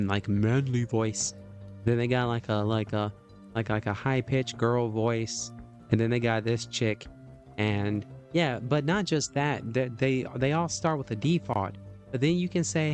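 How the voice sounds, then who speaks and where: A man's voice: mid-range voice, a little slow, darkish tone, faint music behind. A man hosting a livestream, chatting casually, rambling with lots of fillers and laughs. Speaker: livestream host.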